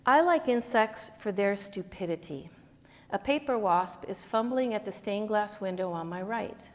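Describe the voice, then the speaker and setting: A woman's voice: medium pitch, expressive, moderate pace, in a large hall. A woman yoga teacher talking to her class in a chatty, rambling way, telling stories with sound effects. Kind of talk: informal class talk and storytelling. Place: yoga studio.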